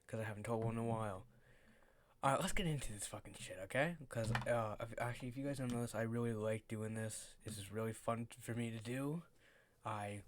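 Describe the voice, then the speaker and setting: A teenage boy telling a story in a casual vlog, rambling and swearing often, with lots of fillers. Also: on the low side. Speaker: vlogger.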